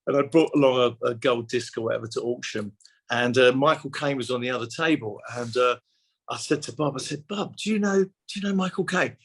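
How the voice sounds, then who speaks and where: A man's voice: mid-range voice, a little fast, slightly rough. Effusive older man telling stories. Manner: effusive, repeats words and restarts, laughs often. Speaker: musician guest. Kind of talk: casual interview chat.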